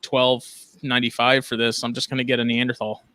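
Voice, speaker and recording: Bright, dry-sounding man chatting casually. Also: mid-range voice, completely flat delivery, fairly quick, no echo. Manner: easygoing, rambling, blunt opinions. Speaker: podcast co-host, cigar seller. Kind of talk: casual chat.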